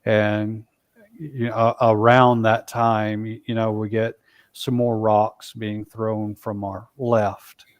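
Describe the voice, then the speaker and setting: A man telling a long story in a casual, halting way, full of fillers and restarts. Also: fairly low pitch, level tone, no echo, lo-fi sound. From Alabama, US. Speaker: Bigfoot researcher guest.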